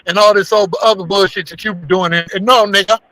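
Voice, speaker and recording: Ranting high-voiced man on a morning show. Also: fairly even intonation, brisk, pushed and bright, poor audio. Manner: brash and ranting, heavy swearing. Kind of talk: profane comedic banter.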